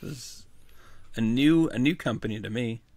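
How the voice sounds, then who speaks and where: A man's voice: medium pitch, moderate pace, a little mellow, no room sound. A man co-hosting a casual podcast, chatting with wry jokes. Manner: wry, joking. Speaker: podcast co-host.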